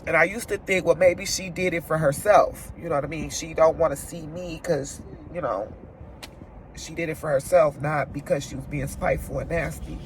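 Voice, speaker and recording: A woman's voice: low-pitched, normal speed, a little hiss or hum. A woman vlogger crying as she vents about a friendship breakup, swearing as she talks to camera from her car. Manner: tearful, venting, swearing. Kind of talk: emotional car chat to camera. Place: inside a parked car.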